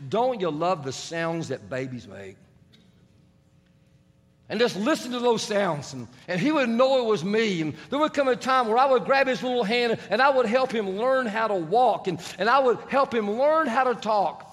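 High-voiced man preaching in a reverberant hall. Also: expressive, moderate pace, fairly bright tone. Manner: storytelling with humor, acting out quoted voices. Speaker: pastor. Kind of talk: sermon. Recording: long reverb of a large hall.

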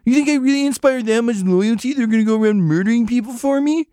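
A man's voice: very high voice, fast, dark tone, clear, resonant tone, dry recording, clean studio sound, pitched above the performer's own voice. A man voicing a broke young nobleman who rants frantically, swearing and wailing. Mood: hysterical.

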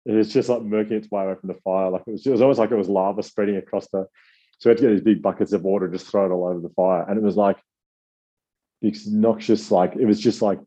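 Low dark voice guy rambling fast thru a funny story, husky, bit muffled. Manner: rambling, self-deprecating, animated quoting. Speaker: author guest. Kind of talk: casual storytelling.

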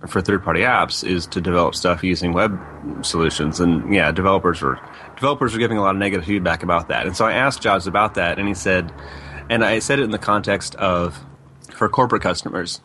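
A man's voice: low voice, fast, sharp tone, a little hiss or hum. A man speaking as a guest on a tech talk radio show, explaining in a loose, rambling way with restarts and fillers. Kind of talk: casual radio interview talk.

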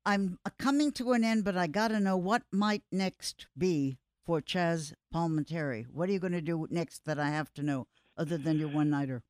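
A woman radio host in a studio with a dry, close sound. She is brisk and blunt, hurries the talk along and teases her guest. Her delivery is clipped and to the point. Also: fairly low pitch, a little mellow, no echo. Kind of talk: radio interview.

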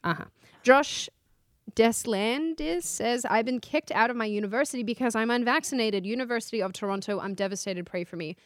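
A woman's voice: fairly high pitch, fairly quick, no room sound. A woman with an Australian accent co-hosting a podcast, casually reading out viewer comments. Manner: reads comments aloud, easygoing. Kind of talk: casual live-stream chat.

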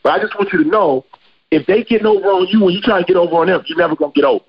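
A man's voice: sits high, racing, highs cut off, a little hiss or hum. A man hosting a podcast, talking casually and emphatically with slang. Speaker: podcast host.

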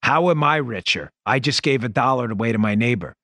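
A man hosting a political commentary show, talking in an animated, sarcastic and emphatic way. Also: medium pitch, fairly quick, dry recording, studio quality. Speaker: podcast and radio host.

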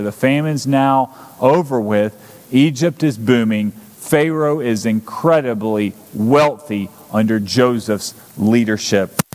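A man's voice: medium pitch, darkish tone. A man preaching a sermon as pastor, earnest and urgent, building up with repeated phrases. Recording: long hall reverb.

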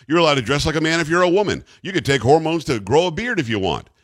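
A man's voice: on the high side, a bit bright, no room sound. A man hosting a talk radio show, speaking bluntly and emphatically with a joking edge, in a radio studio.

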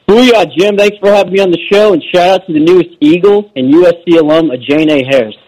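A man's voice: high-pitched, fast, a little mellow, poor audio. A man calling in to a stock show, upbeat and eager. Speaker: caller.

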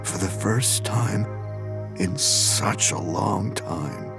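An actor playing a delusional young male killer, narrating his hushed, obsessive inner monologue in an audio drama. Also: lowish voice, drawn-out words, creaky, over loud music, full character voice. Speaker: first-person narrator.

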